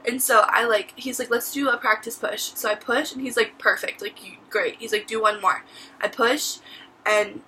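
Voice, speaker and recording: Bright-voiced chatty teen girl vlogger. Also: on the high side, steady tone, moderate pace, a little hiss or hum, low-quality recording. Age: teens. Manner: chatty, says "like" and "literally" a lot. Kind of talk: casual storytelling vlog.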